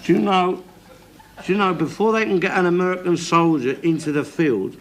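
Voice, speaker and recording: An actor playing a bigoted, ranting middle-aged working-class man in a 1970s television sitcom, loud and blustering and swearing constantly. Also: sits high, brisk. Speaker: sitcom character. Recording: hissy old television recording.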